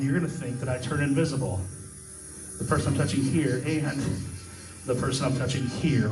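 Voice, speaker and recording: A man from Iowa working as a stage hypnotist, giving calm, repetitive suggestions to volunteers in a live show. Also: a little high. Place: large indoor hall, school party. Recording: echoey hall from far off with music.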